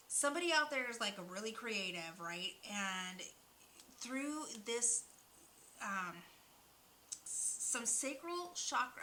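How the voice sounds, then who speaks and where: Bright-voiced woman giving a card reading. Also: a little high, a little hiss or hum, low-quality recording. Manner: rambling, many fillers and restarts. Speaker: oracle card reader. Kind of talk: spiritual card reading vlog.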